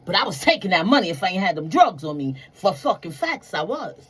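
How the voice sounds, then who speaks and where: Speaking casually to her viewers, a woman tells stories full of profanity and energy, imitating the voices of the people she quotes. Her husky voice sits low and moves fairly quickly, and the recording is rough.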